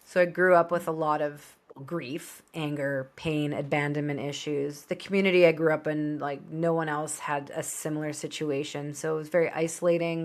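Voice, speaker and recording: A woman in her thirties, a podcast guest, telling her personal story in an open, conversational way with quick asides. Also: sits low, steady tone.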